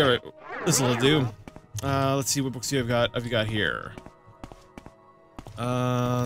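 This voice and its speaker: A man casually commenting on his gameplay as host, rambling and often stammering over repeated words. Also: medium pitch. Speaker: let's play host.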